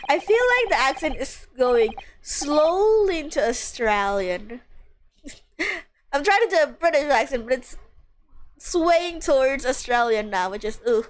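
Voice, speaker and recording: A woman's voice: sits high, animated, measured pace. A woman streamer casually chatting and joking about herself while reading game dialogue aloud. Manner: chatty, joking, self-mocking.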